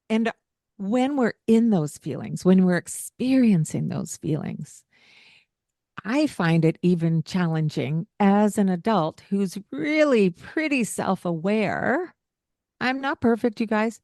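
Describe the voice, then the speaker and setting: A woman's voice: medium pitch, lively intonation, slow pace, no room sound, studio quality. A woman co-hosting a parenting podcast, talking earnestly and explaining things, with light laughs along the way. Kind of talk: casual podcast chat.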